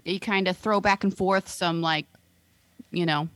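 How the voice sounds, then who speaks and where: A woman co-hosting a podcast in casual chat, asking halting questions with lots of fillers. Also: fairly low pitch, fairly even intonation, a bit bright, no room sound. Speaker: podcast co-host.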